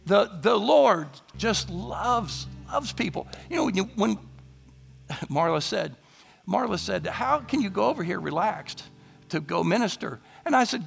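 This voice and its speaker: Gravelly hoarse man preaching. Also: big pitch swings, unhurried, soft background music. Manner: declaring boldly, rising to emphatic high passages. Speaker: pastor. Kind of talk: sermon.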